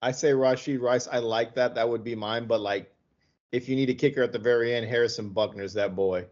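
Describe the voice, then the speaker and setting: A man's voice: mid-range voice, fairly even intonation, fairly quick, darkish tone, muffled recording. Blunt profane podcast man. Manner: blunt, profane, rattles off lists. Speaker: podcast co-host. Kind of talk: casual sports podcast chat.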